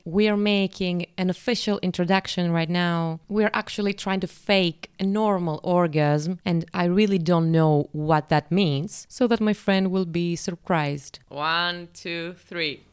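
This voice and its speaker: A woman's voice: on the low side, a little mellow, clean tone, no echo. Woman, young adult, podcast host, joking, rambling, crude, dry close sound. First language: Greek. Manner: joking, rambling and crude, apologetic about her English. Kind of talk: casual podcast chat.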